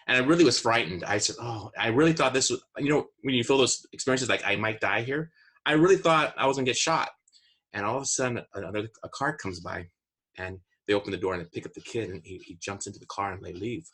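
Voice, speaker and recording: A man's voice: lowish voice, quick pace, fairly bright tone, husky. A man in his forties, a podcast co-host, telling a story in a casual chat and acting out his own past panic in a raised voice.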